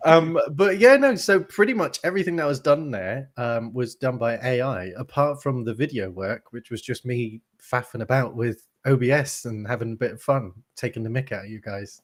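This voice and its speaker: A man's voice: medium pitch, expressive, moderate pace, hardly any pauses. Rambling male stream host. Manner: rambling, with fillers. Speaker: show host. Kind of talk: casual stream chat.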